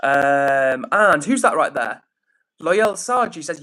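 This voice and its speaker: An English man hosting a casual livestream, upbeat and chatty as he reads out comments and gives shout-outs. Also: on the high side, expressive, takes it slowly, low-quality recording. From England. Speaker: livestream host.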